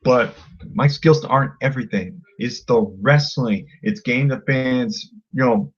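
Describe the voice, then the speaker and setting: A man's voice: mid-range voice, a little slow, dull audio. A man ranting angrily at a critic, combative and insulting, often repeating himself. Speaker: vlogger. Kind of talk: angry rant to camera.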